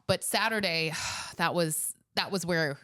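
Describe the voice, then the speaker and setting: A woman's voice: on the low side, measured pace, bright, forceful tone, no room sound. A woman co-hosting a podcast, recounting a hard story step by step in an earnest, conversational way. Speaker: podcast co-host. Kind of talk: casual storytelling chat.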